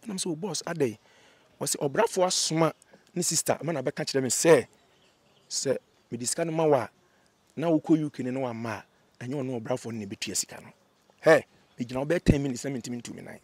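A Ghanaian man, an interview guest, telling a grievance story with energy and acting out what others said in lively voices. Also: medium pitch, brisk, pauses often, breathy edge, no room sound. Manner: animated, acts out quoted dialogue. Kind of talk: emotional storytelling. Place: outdoor location away from the studio.

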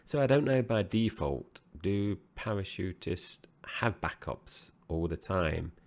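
A man's voice: low-pitched, lively intonation, slow, darkish tone. A man co-hosting a film review podcast, chatting casually and rambling with frequent restarts. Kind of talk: casual chat.

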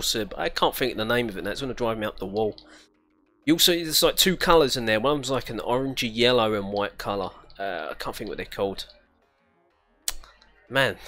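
A man's voice: mid-range voice, a bit bright. A young British man commentating casually while playing a racing game, chatty, swearing and giggling often. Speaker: gaming channel host. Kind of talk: casual let's-play commentary.

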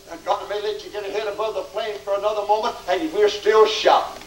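Male tent revival preacher, high and fervent, shouts then hushes, caught from far off in an echoey tent. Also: fairly even intonation, a little fast, hardly any pauses. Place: large tent meeting. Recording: echoey, distant, faint ambience.

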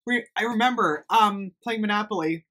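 Woman, bright tone, gushing haul chat, gasps and exclamations. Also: medium pitch, normal speed. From United States. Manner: gushing, gasps often, frequent "oh my gosh". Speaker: beauty haul vlogger. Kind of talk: excited product review chat.

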